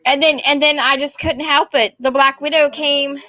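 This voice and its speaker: A young woman with a drawl rambles through a casual rant, often apologizing and putting herself down. Her voice is high and bright. The sound is dry and close. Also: fairly even intonation, moderate pace, no echo. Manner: rambling, apologetic, self-deprecating. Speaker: vlogger.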